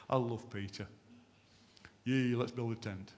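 A man preaching to his congregation. His sermon builds with fervent, rhythmic repetition, and his pitch sits in an ordinary middle register. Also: fairly even intonation, measured pace, pauses often. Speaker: pastor. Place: church service.

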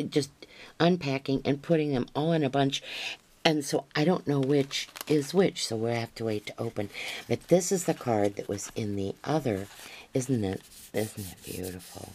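A woman's voice: extremely low pitch, darkish tone, a little hiss or hum. A woman crafter showing handmade gifts to camera in a casual unboxing chat, gushing and rambling with many fillers.

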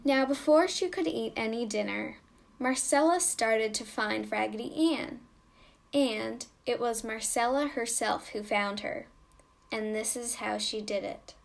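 A woman reading a children's story aloud with slow, gentle storybook narration. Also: on the high side, vocal fry.

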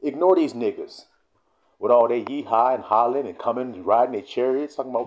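Male Bible teacher, mellow tone, lively delivery, slow scripture reading mixed with blunt slang. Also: medium pitch. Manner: reads verses slowly, then explains in blunt profane slang. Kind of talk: casual scripture teaching video.

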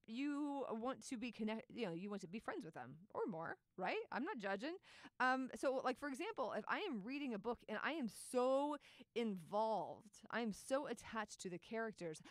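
A woman's voice: medium pitch, no echo. Chatty woman hosting a dry podcast. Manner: chatty and animated, frequent "right?" and laughs. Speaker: podcast host and writing teacher. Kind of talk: casual solo podcast talk.

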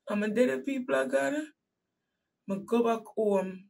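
A woman with a Jamaican accent and a husky voice preaching to her listeners as she tells a painful personal story with emphatic repetition, swinging from hushed to loud. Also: on the high side, a little slow, long pauses, recorded from a distance, rough recording. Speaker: host and preacher.

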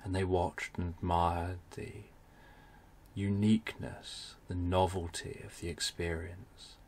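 A man narrating a bedtime story for adults, speaking in a soft, soothing way. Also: deep voice.

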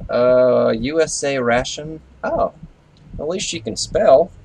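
A young man talks through a horror game as he plays it, jumpy and quick to swear. He scolds the creatures on screen. His voice is gravelly with fry and leaps up and down in pitch, with a faint hiss of noise behind it. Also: lively intonation, darkish tone. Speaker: let's play gamer. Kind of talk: live horror game commentary.

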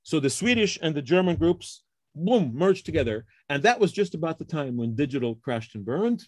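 A middle-aged man, a computer science professor, talks through research history in a relaxed interview and often checks in with "okay?" and "huh?". He acts out the colleagues he quotes. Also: fairly high pitch, normal speed, dry recording. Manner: explains with frequent tag questions like okay and huh. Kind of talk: casual interview conversation.

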